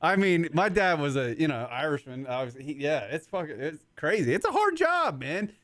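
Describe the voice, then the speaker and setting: A man's voice: fairly high pitch, sing-song, moderate pace, fairly bright tone, no room sound. Rambling, cussing radio host guy. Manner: rambling storyteller, swears freely, gets worked up. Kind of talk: casual comedy talk radio chat.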